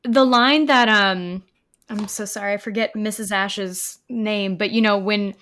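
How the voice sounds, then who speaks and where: A woman's voice: mid-range voice, steady tone, a little slow, bright, forceful tone. A woman co-hosting a podcast in casual chat, talking chattily and correcting herself as she goes. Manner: chatty, self-correcting, apologetic asides. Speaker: podcast co-host.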